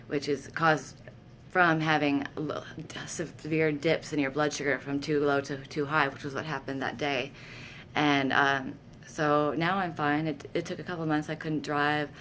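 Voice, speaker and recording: A woman vlogger with a deep voice tells candid, self-deprecating personal stories to camera in a casual way, animated when quoting herself. Slight background noise runs through the clip.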